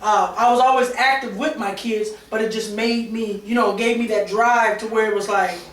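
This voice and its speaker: A woman's voice: on the high side, steady tone, normal speed, a little hiss or hum. Middle-aged woman, talk panelist, heartfelt confessional storytelling, off-mic in a roomy space. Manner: emotional, candid, many fillers and restarts. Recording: roomy sound from a distance.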